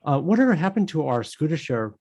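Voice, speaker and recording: A man's voice: fairly high pitch, very animated, fairly quick, a little mellow. Man, city council discussion, rambling delivery. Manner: rambling, many restarts and "you know". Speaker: city council member chairing the meeting.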